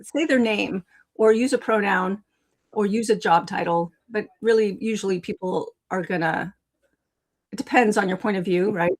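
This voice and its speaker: A woman's voice: mid-range voice, normal speed, poor audio. Chatty woman teaching on a live stream. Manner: chatty, addresses viewers in the chat. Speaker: writing coach and live show host.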